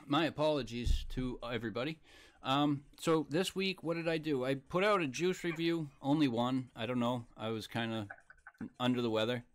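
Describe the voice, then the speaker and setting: A man hosting a casual live stream, chatting loosely and reading viewer comments out loud. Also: medium pitch, steady tone, normal speed. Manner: laid-back, reads viewer comments aloud.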